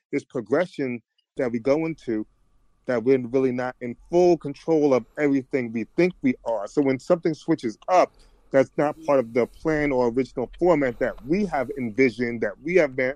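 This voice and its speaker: A man's voice: medium pitch, darkish tone, no room sound. A man guest on a podcast, talking in a reflective, rambling way with frequent restarts. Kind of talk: casual conversation.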